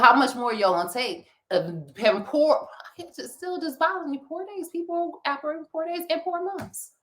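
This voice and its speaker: A woman with a Philadelphia accent, co-hosting a casual talk show and ranting in an animated, preachy way with frequent laughter. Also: mid-range voice. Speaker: podcast co-host.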